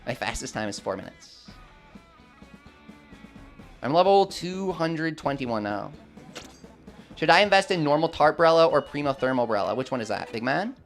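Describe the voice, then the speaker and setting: A young man commentating live gameplay and chatting with his viewers, swinging between hype and quick explanations. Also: a little high, very animated, faint music behind. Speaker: gaming streamer.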